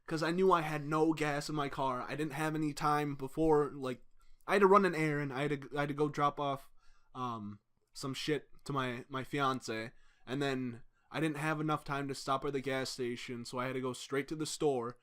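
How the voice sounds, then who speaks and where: Bright-voiced young man joking crudely. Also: on the high side, moderate pace. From Minnesota. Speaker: podcast co-host. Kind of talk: casual profane banter.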